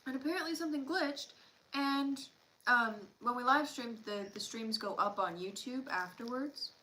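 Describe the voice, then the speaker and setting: A chatty woman co-hosts a relaxed livestream, talking in loose, rambling bursts full of fillers and restarts. Her voice sits a little high and has a bright, crisp edge. A faint ambient hum sits behind her. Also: normal speed, low-quality recording. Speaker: livestream co-host. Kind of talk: casual livestream chat while eating.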